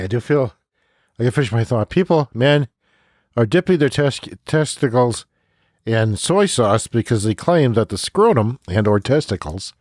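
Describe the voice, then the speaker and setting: A man hosting a comedy podcast, rambling in a self-mocking, excitable way and laughing often. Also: fairly low pitch, no room sound, clean studio sound.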